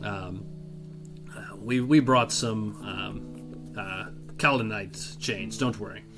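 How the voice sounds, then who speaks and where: A stern, measured knight, as a male game master plays him in a tabletop game, pitched a little lower and taking his time. Faint guitar music sits underneath.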